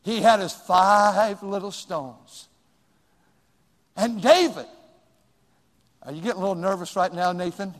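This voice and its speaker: High-voiced older preacher in a hall. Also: male voice, measured pace, pauses often. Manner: folksy, swings from loud outbursts to low asides. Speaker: pastor. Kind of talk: sermon.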